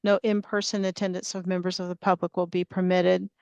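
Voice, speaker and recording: A sick, worn-out woman runs a remote public meeting on a video call. Her voice stays smooth and clear in a dry, close sound, but she hesitates, restarts and fills gaps with ums as she reads the formal opening. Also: lowish voice, level tone, a little mellow, no room sound. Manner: halting, with frequent fillers and restarts. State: sick and tired.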